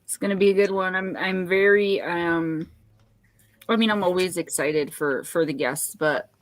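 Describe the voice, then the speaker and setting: A woman's voice: on the low side, normal speed, no echo. A woman co-hosting a casual chat show, talking in a rambling way with lots of fillers. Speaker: co-host.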